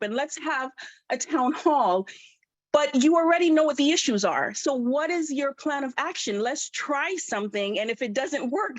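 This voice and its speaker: A woman's voice: a little high, no echo, rough recording. A woman giving a public comment as a parent at a video-call hearing, out of breath, impassioned and frustrated.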